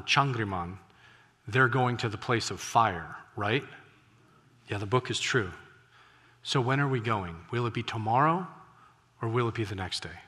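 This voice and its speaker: A man preaching a sermon, a missionary telling stories from the field, animated and breaking into loud exclamations, recorded in a church sanctuary. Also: mid-range voice. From United States. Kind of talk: sermon with storytelling. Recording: reverberant church hall.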